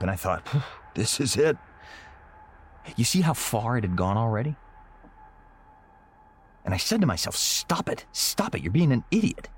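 An actor playing an anxious, cranky middle-aged husband who narrates in an old-time radio drama. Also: male voice, sits low, a little hiss or hum. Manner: tense, brooding, defensive.

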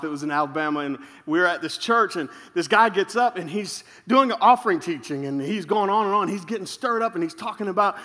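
A man preaching as pastor, telling humorous stories in an animated way. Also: high voice. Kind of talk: sermon. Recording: reverberant hall.

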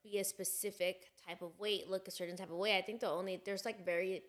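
A woman co-hosting a podcast in casual chat, telling gossip in an animated way, full of "like" fillers. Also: medium pitch, fast. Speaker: podcast co-host.

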